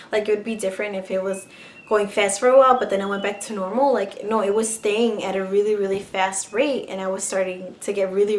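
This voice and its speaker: A woman's voice: mid-range voice, a little hiss or hum. A young woman vlogger casually telling a personal story to camera, chatty and full of fillers. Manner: chatty, many likes and ums, restarts.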